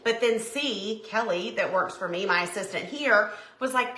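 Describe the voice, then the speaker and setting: Bright, gushing woman on a live stream. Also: mid-range voice, normal speed. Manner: chatty and gushing, addresses viewers as y'all. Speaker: livestream host showing craft printables. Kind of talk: casual live-stream chat. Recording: roomy echo.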